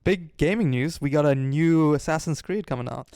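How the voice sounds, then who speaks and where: A man co-hosting a casual gaming podcast, teasing the others with quick jokes. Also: on the high side, a little mellow, clear, resonant tone, no room sound, clean studio sound. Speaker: podcast co-host.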